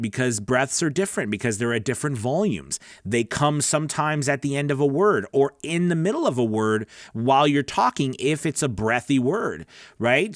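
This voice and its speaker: A man's voice: mid-range voice, no echo, studio quality. A man coaching voice actors in a casual, earnest teaching talk, chatty and often checking in with "right?". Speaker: voice-over coach.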